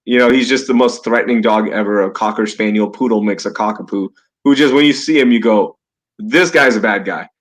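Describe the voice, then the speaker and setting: A man hosting a casual live podcast from home, upbeat and jokey, quick to laugh, talking into a cheap gaming headset. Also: on the low side. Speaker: podcast host.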